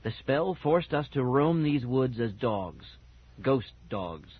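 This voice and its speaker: A man voicing an ancient cursed ghost dog in a slow, dry, whispery growl, with a husky voice on a muffled lo-fi cassette recording. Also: medium pitch, lively intonation, no echo. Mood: menacing.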